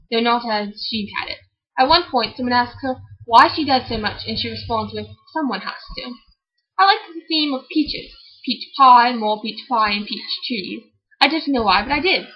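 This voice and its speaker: A woman's voice: on the high side, moderate pace, breathy edge, lo-fi sound. A woman reading a book review aloud in a clumsy put-on British accent, earnest and a bit stiff. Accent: put-on British accent, admittedly poor.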